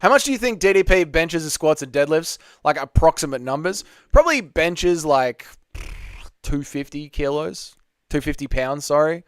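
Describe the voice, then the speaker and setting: A man's voice: on the high side, lively intonation, normal speed, clear, resonant tone, no room sound, clean studio sound. Chatty man hosting a live stream. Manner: chatty, reads chat aloud, banters with viewers. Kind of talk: casual live-stream chat.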